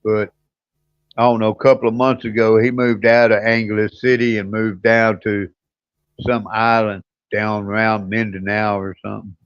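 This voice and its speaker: A man's voice: lowish voice, level tone, normal speed, smooth, dry recording. A laid-back man chats on a livestream in a plain, matter-of-fact way. His voice comes through as dull, muffled call audio with a dry, close sound. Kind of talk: casual livestream chat.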